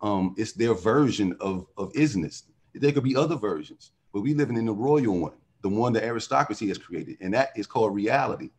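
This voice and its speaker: A man's voice: lowish voice, lively intonation, brisk, hardly any pauses, darkish tone, a little hiss or hum. A man talking as a podcast guest in casual conversation, riffing animatedly and philosophically on word origins.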